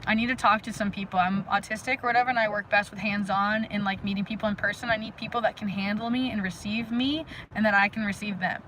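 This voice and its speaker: A woman hosting a casual live stream outdoors, talking energetically and rambling to her viewers with lots of fillers and sudden loud bursts. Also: mid-range voice, steady tone, fast, hardly any pauses, a little hiss or hum, rough recording. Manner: frequent "like" fillers. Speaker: livestream host. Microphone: phone live stream.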